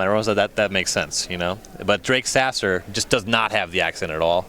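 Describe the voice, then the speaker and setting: A man's voice: low voice, brisk, bright, forceful tone, slight background noise. A man doing live card game commentary with dry, teasing banter.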